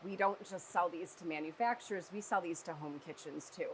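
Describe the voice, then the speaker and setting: A woman talking casually as a guest, explaining food flavors in an animated, chatty way. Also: lowish voice, brisk, slight background noise, poor audio. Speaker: guest flavor company representative. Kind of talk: casual chat.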